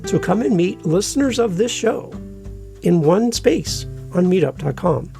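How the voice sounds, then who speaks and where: A man hosting a solo podcast, giving energetic, playful advice and sometimes mimicking listeners in silly voices. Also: sits high, a little slow, vocal fry, faint music behind. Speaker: podcast host.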